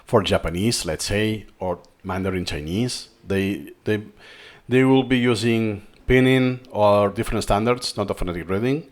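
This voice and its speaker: A man's voice: fairly low pitch, normal speed. Spanish-accented man explaining a tutorial. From Spain. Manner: thinking aloud, repeats himself. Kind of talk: screen-recorded tutorial talk.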